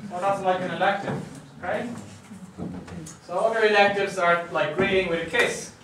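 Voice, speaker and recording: Male lecturer, conversational, slightly high-pitched, recorded from afar in a roomy classroom with faint hiss. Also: steady tone, normal speed. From Ireland. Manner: conversational, checks in with "right?" often. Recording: echoey classroom, mic at a distance.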